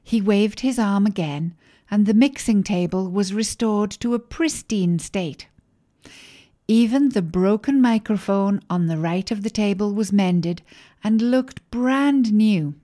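Storyteller, female. Slow, mellow reading of a children's story, gentle and clear. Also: medium pitch.

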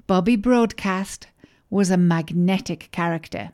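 A woman narrating a children's story in a gentle, clear and deliberate way. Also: mid-range voice.

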